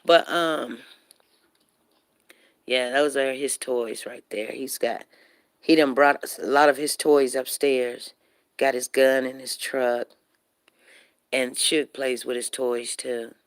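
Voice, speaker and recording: A woman's voice: a bass voice, fairly even intonation, slow pace, long pauses, clear, resonant tone, no room sound, clean studio sound. A woman vlogging at home into her phone, a little out of breath after a walk, chatting casually to her viewers. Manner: chatty, addresses viewers directly, talks to her dog. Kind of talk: casual live-stream chat while walking home. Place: at home, indoors.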